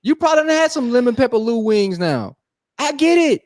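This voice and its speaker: High, teasing New Orleans man. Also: animated, brisk, a little mellow, no echo, clean studio sound. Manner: mocking, teasing. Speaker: podcast co-host. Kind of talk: casual sports chat.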